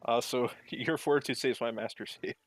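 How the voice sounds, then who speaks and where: A man's voice: mid-range voice, moderate pace. Amused man player, stumbling words. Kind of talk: casual tabletop game chat.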